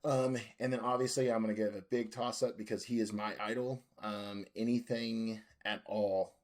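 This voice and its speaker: A man's voice: on the low side, fairly even intonation, normal speed. A man who is a guest on a podcast, talking in an earnest, casual way and repeating his points. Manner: earnest, repeats himself, says "man" a lot. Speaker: podcast guest, junior developer. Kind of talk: casual interview chat.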